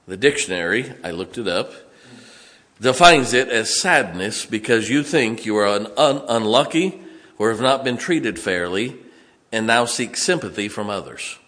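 A male preacher with a drawl delivers a sermon, his voice at an ordinary middle pitch. He shifts between hushed, low remarks and loud, driving emphasis. His words ring out with the long echo of a large sanctuary. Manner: swings from quiet, low asides to loud, emphatic exhortation. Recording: long reverb of a large hall.

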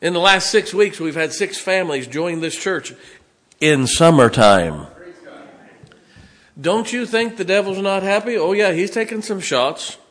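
A pastor delivers his sermon with a drawl and a plainspoken, joking bluntness. His voice sits a touch high for a man and rings bright and forceful as he speaks to his church. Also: animated, a little slow.

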